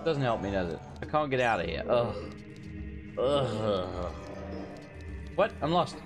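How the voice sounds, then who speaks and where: This young streamer's voice is mid-range, very animated and slow. He's playing a game blind with its music in the background, narrating to himself as he loses his way, gets frustrated and swears often.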